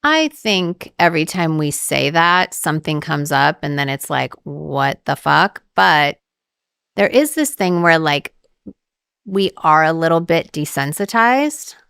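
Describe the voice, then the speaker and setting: A woman in her forties chats as a guest, telling stories full of "like" fillers and acting out the people in them. Her voice sits low and comes through smooth and resonant. The sound is dry and close. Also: expressive, a little slow, a bit bright, no echo. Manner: chatty storyteller, many "like" fillers, acts out quotes. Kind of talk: casual interview chat.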